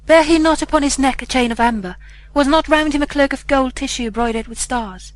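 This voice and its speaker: A woman's voice: high-pitched, brisk, natural voice, poor audio. A woman reading a pleading beggar mother. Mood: urgent. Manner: pleading and tearful. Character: ragged, grieving beggar mother.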